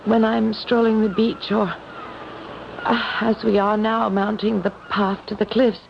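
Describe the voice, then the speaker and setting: A woman's voice: mid-range voice, level tone, a little slow, vocal fry. An actress playing a frail, melancholy young woman in an old-time radio drama, speaking delicately. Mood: wistful. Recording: dull old radio recording with faint hiss.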